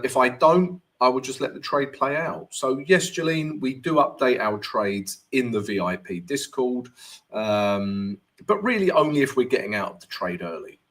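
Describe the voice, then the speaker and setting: This is a man with a medium-pitched, slightly bright voice, a forex trading coach in a casual live stream. Upbeat in his greetings, he reads out what viewers write and responds while walking through his charts.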